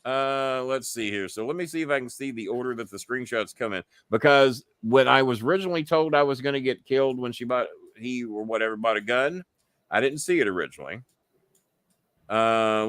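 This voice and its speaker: A man's voice: mid-range voice, moderate pace, a bit bright, clean tone, dry recording. A man hosting a casual live stream, cursing freely and laughing as he reads messages aloud. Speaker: host.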